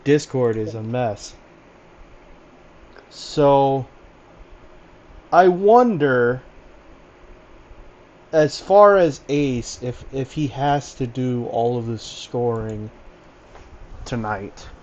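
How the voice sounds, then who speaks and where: A man's voice: medium pitch, extremely slow, long pauses, darkish tone, dull audio. A man giving casual basketball analysis over voice chat, talkative and full of fillers. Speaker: basketball commentator.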